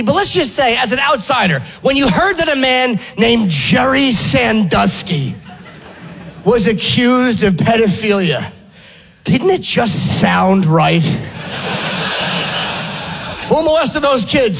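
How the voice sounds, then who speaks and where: A man's voice: extremely high pitch, lively intonation, a little slow, fairly bright tone, slight background noise. A man doing a blunt, sarcastic stand-up routine. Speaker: stand-up comedian.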